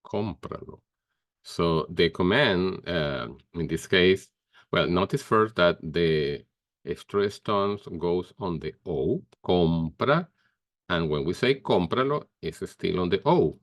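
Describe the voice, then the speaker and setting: Slow, deep-voiced male teacher. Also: expressive, dry recording, clean studio sound. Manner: slow, careful explaining with pauses and fillers. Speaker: Spanish teacher. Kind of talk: grammar lesson.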